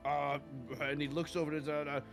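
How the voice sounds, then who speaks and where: A man narrating a tabletop game as game master in a lively manner, quick to laugh. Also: a little high.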